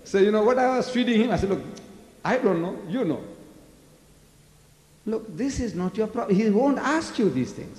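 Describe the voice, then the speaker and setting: A man's voice: high-pitched, lively intonation, normal speed, pauses often, a little mellow. An older man from South Africa giving a public lecture, firing emphatic rhetorical questions at the audience, recorded in a large lecture hall. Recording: echoey hall.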